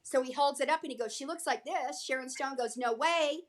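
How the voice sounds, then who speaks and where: Brief: woman guest, lively storyteller, voices other people's lines, a touch high-pitched. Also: a little fast. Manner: animated, acts out quotes from others. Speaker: guest actress. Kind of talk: casual storytelling.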